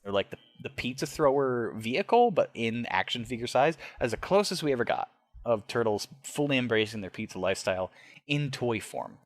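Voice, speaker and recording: Man, 30s, podcast co-host, animated, stammers, very lively pitch. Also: fairly quick, no echo. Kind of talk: casual recap chat.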